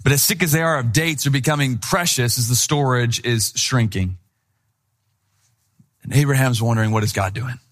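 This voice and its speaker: A man's voice: medium pitch, moderate pace, long pauses, fairly bright tone. A young man from Wisconsin, a pastor, preaching a sermon that opens with a casual personal story full of acted-out dialogue.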